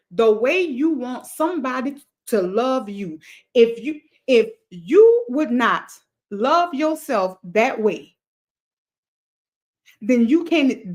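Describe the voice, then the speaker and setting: A woman hosting a motivational livestream, talking to her chat in an emphatic, repetitive cadence like a preacher. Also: a little high. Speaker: livestream host.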